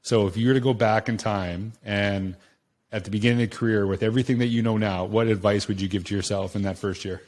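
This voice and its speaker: A man hosting an education podcast, relaxed and conversational as he asks questions and reads quotes aloud. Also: fairly low pitch, fast. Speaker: podcast host. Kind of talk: casual interview talk.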